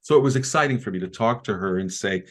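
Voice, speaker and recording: This is a man with a low voice. He is a guest on an interview show, speaking from his home bedroom. He recounts things in a relaxed, chatty way and drops in small jokes. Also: fast talker. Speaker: interview guest, community founder. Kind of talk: conversational recounting.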